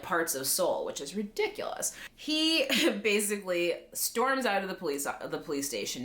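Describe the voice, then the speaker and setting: A woman's voice: low-pitched, fairly bright tone. A woman vlogger recapping a drama episode in a casual, chatty way, often saying "like" and briefly acting out lines in quoted voices.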